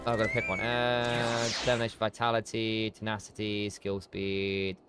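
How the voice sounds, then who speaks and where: A man's voice: lowish voice, monotone, moderate pace, over loud music. A man streaming a game and muttering commentary to himself as he plays. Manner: muttering to himself while playing. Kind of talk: gameplay commentary.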